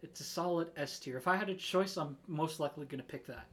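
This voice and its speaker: A man's voice: fairly high pitch, fast talker, fairly bright tone. A young man co-hosting a casual podcast, giving short replies and joking asides. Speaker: podcast co-host. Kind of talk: casual chat.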